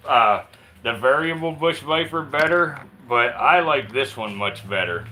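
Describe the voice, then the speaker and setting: Man, relaxed live-stream host, bright voice, drawling and unhurried. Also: medium pitch, poor audio. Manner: relaxed, drawling, reads out viewer names and questions. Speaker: reptile keeper streaming live. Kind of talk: casual live-stream chat.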